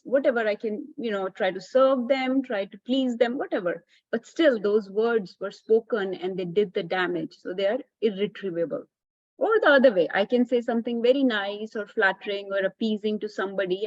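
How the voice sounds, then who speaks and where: A woman's voice: mid-range voice, dry recording, muffled recording. A woman teaching a children's class, explaining patiently and often checking in with "right?".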